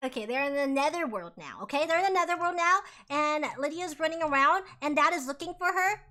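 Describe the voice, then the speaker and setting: A woman streamer narrating casually as she plays, animated and rambling, with plenty of swearing. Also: sits high, brisk.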